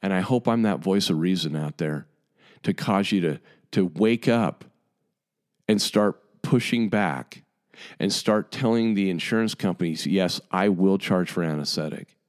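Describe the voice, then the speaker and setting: Low-voiced exasperated male dentist. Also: a little slow. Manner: emphatic, exasperated, repeats himself. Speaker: dentist addressing colleagues. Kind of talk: impassioned monologue.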